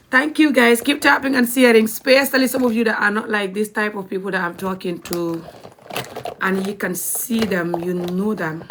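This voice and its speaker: A woman's voice: mid-range voice, steady tone, normal speed, a bit bright, slight background noise. Blunt, outspoken Gambian woman on a live stream. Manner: blunt, outspoken, laughing, drops to a whisper. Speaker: live video host. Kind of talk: casual live-stream chat.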